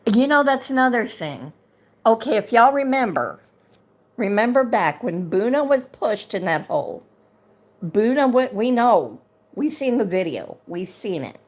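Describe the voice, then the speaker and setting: Slow-talking heated woman. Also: a little high, sing-song. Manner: chatty, heated and indignant, repeats herself. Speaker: livestream host and chat moderator. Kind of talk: casual livestream chat.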